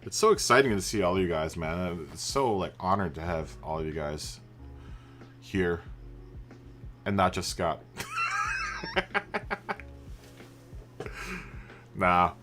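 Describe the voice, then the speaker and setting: Chatty man with a bright voice. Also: low voice, unhurried, long pauses, soft background music. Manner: relaxed and chatty, greets viewers by name, laughs often. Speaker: live stream host. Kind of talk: casual live stream chat. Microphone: studio microphone through a mixer.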